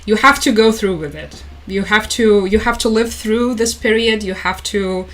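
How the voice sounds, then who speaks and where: A woman's voice: mid-range voice, moderate pace, fairly bright tone, poor audio. A young woman hosting a casual live stream, chatting, laughing often and reading out viewer comments. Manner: chatty, laughs often, reads chat aloud.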